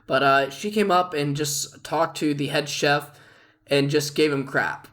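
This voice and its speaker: A man's voice: on the high side, measured pace. Chatty young man telling a work story. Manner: rambling, animated retelling with frequent fillers and laughs. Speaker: vlogger. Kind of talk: casual storytelling.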